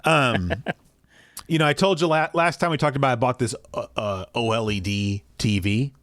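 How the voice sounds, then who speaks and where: Apparently on a video call from his small home basement, a man co-hosts a podcast, chatting casually in a rambling, self-deprecating way. His mid-range voice is fairly bright, moves at normal speed, and has no echo.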